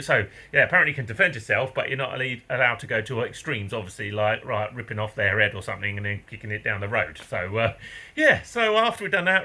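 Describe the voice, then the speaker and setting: A man's voice: mid-range voice, sharp tone. A man from England with an English accent, telling a story to camera in a casual vlog, swearing casually and laughing often. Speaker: vlogger.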